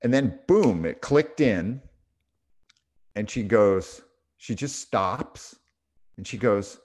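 Low-voiced reflective male podcast host. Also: animated, takes it slowly, darkish tone. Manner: reflective, storytelling, hesitant restarts. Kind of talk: casual spiritual podcast talk.

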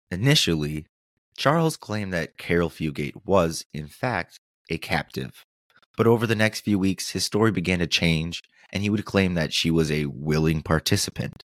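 A man narrates a true-crime podcast in a low voice, dropping sarcastic asides between quoted passages. The recording is dry and close, with no room sound. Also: no echo. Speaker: podcast host.

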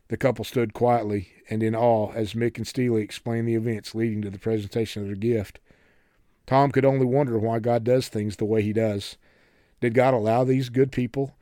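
A man reading a novel aloud as narrator in steady, measured storytelling. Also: mid-range voice, dry recording, clean studio sound. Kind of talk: audiobook narration.

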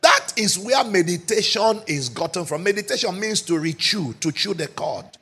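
A man preaching a sermon as pastor, emphatic and often shouting, with rhetorical questions to the congregation. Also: sits high, lively intonation, moderate pace, husky.

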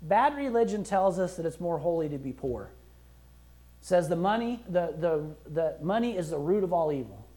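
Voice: mid-range voice, expressive, moderate pace, warm tone. A pastor preaching a sermon in a conversational, emphatic way, acting out prayers and quotes as he goes. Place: church.

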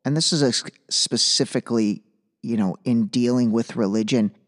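A man's voice: mid-range voice, normal speed. A man hosting a podcast solo, talking in a loose, chatty way and slipping in jokes. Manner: loose, chatty, jokey asides. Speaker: podcast host. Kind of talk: casual solo podcast commentary. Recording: long room reverb.

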